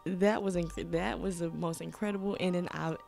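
A young woman, a movie reaction host who chats excitedly and keeps calling her viewers y'all. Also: fairly low pitch, moderate pace, creaky, soft background music. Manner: exclamatory, addresses viewers as y'all. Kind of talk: excited casual reaction chat. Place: home room.

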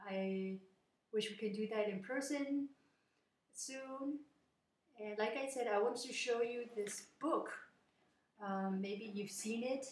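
Casual woman retelling a story, echoey room. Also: fairly high pitch. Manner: informal, meandering.

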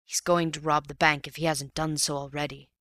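A man voicing a wounded, exhausted bank manager who talks in weak, halting phrases. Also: fairly high pitch, flat delivery, pushed and bright, dry recording, studio quality. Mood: grim.

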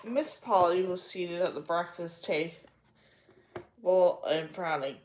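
A woman hosting a storybook reading, narrating in a gentle, measured way. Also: on the low side. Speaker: storybook reader. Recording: echoey room.

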